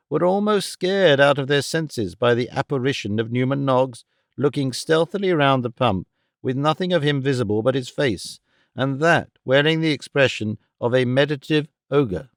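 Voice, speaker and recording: A man narrating a classic novel in a measured, expressive audiobook reading. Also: medium pitch, clean tone, dry recording, studio quality.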